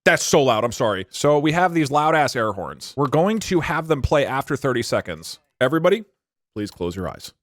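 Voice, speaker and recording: A man in his thirties hosting a live stream, excitable and mock-incredulous, laughing often. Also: medium pitch, a little fast, soft background music. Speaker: streamer host. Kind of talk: casual live-stream chat.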